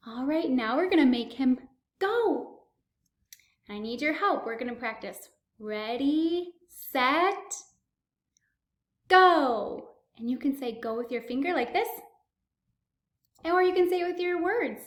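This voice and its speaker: A young woman speech therapist giving a children's speech lesson, slow and exaggerated, with excited gasps. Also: sits high, echoey room.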